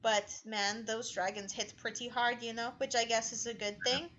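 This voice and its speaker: A woman's voice: on the high side, fairly even intonation, normal speed, a bit bright, slight background noise, rough recording. A woman playing a tabletop role-playing game, speaking in character in an upbeat, chatty way. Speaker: player.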